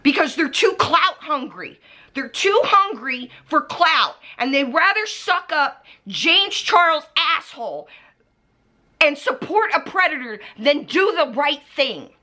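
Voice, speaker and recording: A woman's voice: high-pitched, sing-song, slow, pushed and bright. A young woman vlogger ranting angrily to camera, swearing freely and calling people out by name. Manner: heated, profane, pointing at the camera. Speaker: beauty commentary vlogger. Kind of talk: angry rant to camera. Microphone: camera mic, facing the camera.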